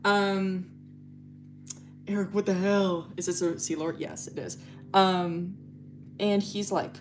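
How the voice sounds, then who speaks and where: A woman's voice: on the low side, fairly even intonation, slow pace, pauses often, music in the background. A woman livestreaming as she draws, telling a story in a rambling, profane way full of fillers. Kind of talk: casual storytelling while drawing.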